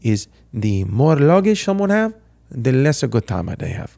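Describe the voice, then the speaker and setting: A man voicing a sixty-year-old Italian bellhop who gives calm life advice in broken English with an Italian accent. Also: mid-range voice, moderate pace, gravelly. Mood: wise, easygoing. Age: 60s.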